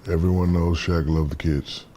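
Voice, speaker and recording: A man in his fifties from the United States, an interview guest telling stories in a relaxed, casual way and acting out the voices in them. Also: deep voice, moderate pace, slight background noise. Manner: relaxed storyteller, acts out quoted dialogue.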